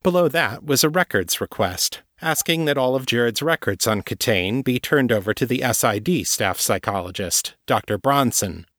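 A man narrating a novel in a measured, steady reading voice. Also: mid-range voice, dry recording, studio quality. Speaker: audiobook narrator. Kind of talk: scripted narration.

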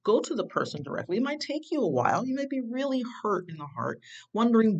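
Self-help vlogger rambling along, lots of ums and restarts, middle pitch, voice jumps way up on questions. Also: very animated, fast talker, lo-fi sound. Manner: rambling and conversational, with many fillers and restarts. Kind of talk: casual advice talk.

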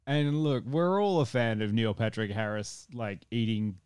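A man hosting a podcast in casual chat, ranting with animated swearing and laughs. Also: on the low side, moderate pace, clear, resonant tone, no echo. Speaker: podcast host.

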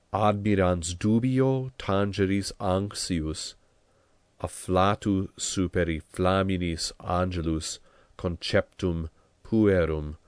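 Guy singing gregorian chant alone, slow and smooth, dry close sound. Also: low-pitched, darkish tone, dry recording. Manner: slow, sustained unaccompanied singing.

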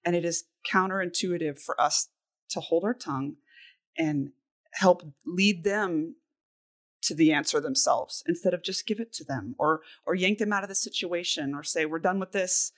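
A woman's voice: fairly low pitch, normal speed. A woman hosting a casual podcast, asking her co-host questions and sharing her own thoughts in an encouraging way. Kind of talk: casual parenting podcast chat.

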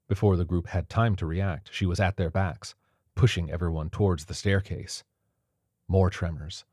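A man narrating a novel in a steady, measured storytelling voice. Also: low voice, no echo, clean studio sound. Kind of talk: audiobook narration.

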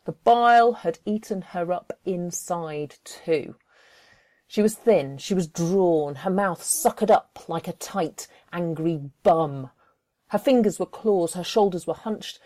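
Slow, expressive woman storyteller. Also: fairly low pitch. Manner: vivid, expressive, deliberate storytelling. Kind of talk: performed folktale narration.

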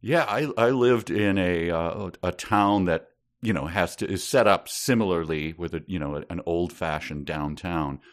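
A man co-hosting a casual book-discussion podcast, with an unhurried, deadpan sense of humor. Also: low voice. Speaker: podcast co-host.

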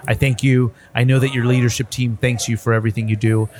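Animated, chatty male podcast host. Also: medium pitch, fast. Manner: animated storyteller, repeats words, says bro. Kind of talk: casual conversation.

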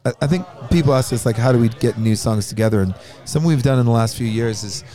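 A man's voice: mid-range voice, fast, warm tone. Rambling man in casual backstage chat. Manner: rambling with many fillers and restarts. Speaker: band member and podcast co-host.

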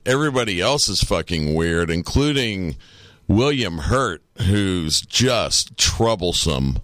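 A man chatting casually as a podcast co-host. His voice sits very low and he takes his time, drawling through his points and swearing freely. The sound is dry and close. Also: no room sound. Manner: laid-back, swears freely. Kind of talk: casual chat.

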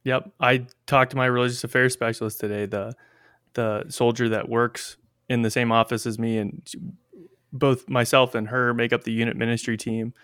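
A man serving as a military chaplain chatting casually on a podcast, excitable and enthusiastic. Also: medium pitch, moderate pace, clean tone, dry recording, clean studio sound.

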